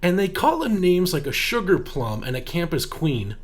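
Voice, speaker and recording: A sarcastic podcast co-host riffs on a horror movie in relaxed, profane chat. Their voice sits at a middling pitch and bounces up and down a lot. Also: moderate pace. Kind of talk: casual movie-recap chat.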